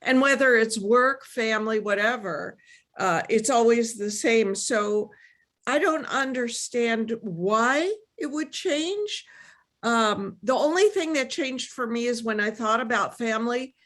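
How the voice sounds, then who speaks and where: Slow-talking, candid woman student. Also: on the high side. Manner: animated, candid. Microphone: video call.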